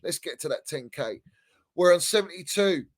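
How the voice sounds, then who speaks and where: A man's voice: a little high, lively intonation, moderate pace. A man hosting a fan channel livestream, ranting heatedly in slang and repeating himself. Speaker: football fan channel host.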